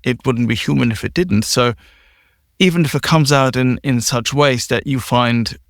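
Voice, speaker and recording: A man hosting a recovery podcast, asking measured, sympathetic questions. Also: mid-range voice, no echo, studio quality. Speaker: podcast host. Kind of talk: interview questions.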